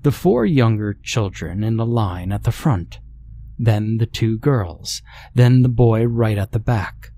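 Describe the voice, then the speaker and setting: A man narrating a horror story in a measured, steady storytelling manner. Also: lowish voice.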